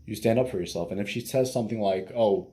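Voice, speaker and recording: A man's voice: lowish voice, quick pace, mellow. A man giving casual dating advice as a coach, blunt and profane, with many fillers.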